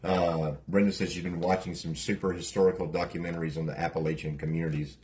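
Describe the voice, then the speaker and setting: A man with a very deep voice co-hosts a home craft live stream, reading viewer comments aloud in a relaxed, teasing way. A clear appliance hum sits behind him. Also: quick pace. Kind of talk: casual live-stream chat.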